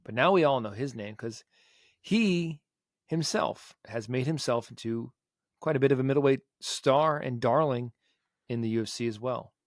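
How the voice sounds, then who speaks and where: A man's voice: mid-range voice, moderate pace, dry recording, clean studio sound. Upbeat man hosting a sports podcast. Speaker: podcast host. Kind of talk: casual sports chat.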